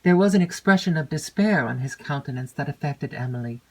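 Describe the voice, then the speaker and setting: A woman narrating a classic novel aloud in a measured, expressive way. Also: deep voice, breathy edge, poor audio. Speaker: audiobook narrator.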